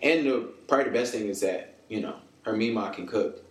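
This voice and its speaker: A man's voice: on the low side, fairly quick, roomy sound. A man from the States, a podcast guest telling stories in casual chat and acting out what others said. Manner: animated storyteller, acts out quoted voices.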